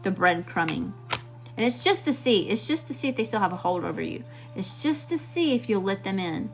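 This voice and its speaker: A woman's voice: medium pitch, very animated, fairly quick, soft background music. A woman from Mississippi with a Southern accent, giving a blunt, slangy live tarot reading straight to her viewers. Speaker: tarot reader.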